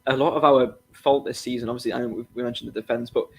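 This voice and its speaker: A man's voice: medium pitch, fairly even intonation, quick pace, husky. A man co-hosting a casual football podcast, hedging his opinions and restarting his sentences often. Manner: hedging, repeats himself, many restarts. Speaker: podcast co-host.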